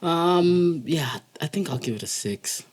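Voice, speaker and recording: Husky-voiced male podcast co-host. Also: a little high, measured pace. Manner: easygoing, laughs along, relaxed verdicts. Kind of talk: casual chat.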